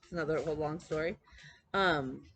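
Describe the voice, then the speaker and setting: A woman's voice: low-pitched, a little fast, a bit bright, a little hiss or hum. A woman chatting casually as a cross-stitch vlog host, telling stories with lots of quoted dialogue and fillers. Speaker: flosstube host. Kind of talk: casual chat.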